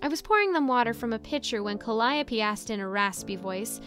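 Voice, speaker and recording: A woman with a somewhat high voice narrates a spooky diner tale in a casual, chatty manner. She wanders into side remarks easily. Music plays steadily behind her. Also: animated, fairly quick. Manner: chatty and rambling, with asides and laughs. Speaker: storyteller. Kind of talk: casual first-person story narration. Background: soft background music.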